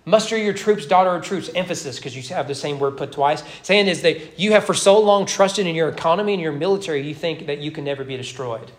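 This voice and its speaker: A man's voice: a little high, quick pace, few pauses. A man preaching at an evening church service, his voice sitting a little above the usual male range. He talks conversationally, throwing in wry asides and often restarting his sentences as he works through the text. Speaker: pastor. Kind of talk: expository sermon. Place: church sanctuary during evening worship.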